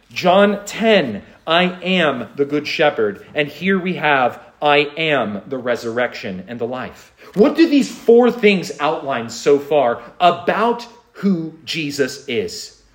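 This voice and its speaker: Lively, animated male preacher. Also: fairly high pitch. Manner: earnest, rhetorical questions, repeated refrains. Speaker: pastor. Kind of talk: expository sermon.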